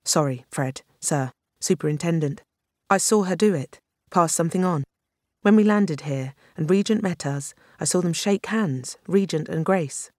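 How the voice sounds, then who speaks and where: A reader voicing a sharp female aide who talks quickly, apologetic as she pieces things together. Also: on the low side, dry recording, studio quality, natural voice. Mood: urgent.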